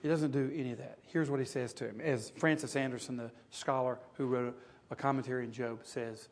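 A man preaching a sermon, swinging from loud, rising rhetorical questions to quiet, hushed passages. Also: medium pitch, fairly even intonation, fairly quick.

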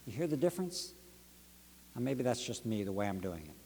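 A pastor delivering a sermon with rhythmic, dynamic preaching that swings from near-whisper drops to rising emphatic peaks. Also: male voice, medium pitch, very animated, fairly quick, pauses often, darkish tone, husky, big-room sound. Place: church sanctuary.

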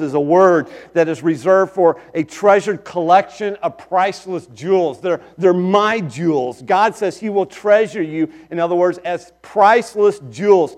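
Delivering a sermon, a middle-aged male pastor whose voice runs a little high alternates quiet asides with loud, emphatic statements.

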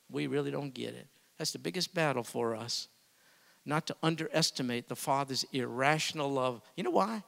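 A man preaching a sermon as pastor, swinging from hushed, intimate asides to booming emphasis. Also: creaky, long reverb tail.

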